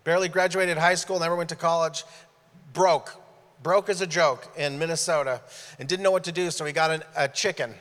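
Animated male preacher in a reverberant hall. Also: a little high, a little fast. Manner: animated, acts out dialogue in stories. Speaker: guest preacher. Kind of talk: sermon storytelling. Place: church sanctuary.

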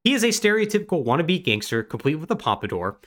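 A man co-hosting a podcast, retelling a game's story in animated, casual chat full of "like". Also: a little high, fast talker. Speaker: podcast co-host.

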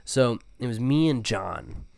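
A man's voice: medium pitch, expressive, unhurried, creaky, a crowd in the background. A young man casually telling stories in a chat, laid-back and swearing freely. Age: young adult.

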